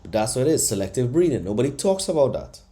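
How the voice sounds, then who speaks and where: Male podcast host on a comic rant, mellow dark voice, brash, swears freely, mocks. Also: medium pitch, fast talker. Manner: animated, profane, mocking voices in bursts. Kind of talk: comedic monologue rant.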